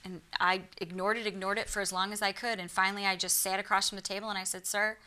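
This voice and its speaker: A woman's voice: mid-range voice, little pitch movement, fast, sharp tone. A woman with a Michigan accent, a guest on a TV talk show, telling her own experiences earnestly and acting out the voices she quotes. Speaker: guest, psychic medium. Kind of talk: storytelling in a TV interview.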